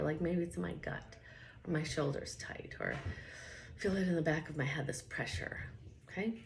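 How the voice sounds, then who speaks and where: A woman coaching a guided tapping session, speaking calm affirmations for the listener to repeat after her. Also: fairly low pitch, gravelly, a little hiss or hum.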